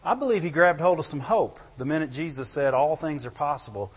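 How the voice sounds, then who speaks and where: Pastor with a fairly high voice, preaching in a reverberant church. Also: male voice, animated, brisk, slightly rough. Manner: keeps asking the congregation "right?" and "amen?"; chuckles between points. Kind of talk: conversational sermon. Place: church hall. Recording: dull lo-fi sound with long hall reverb.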